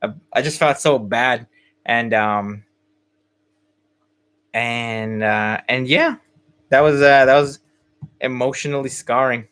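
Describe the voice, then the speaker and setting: A man's voice: medium pitch, takes it slowly, pauses often, fairly bright tone, smooth. A young man hosting a podcast, telling a story in casual chat with many fillers and restarts. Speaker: podcast host.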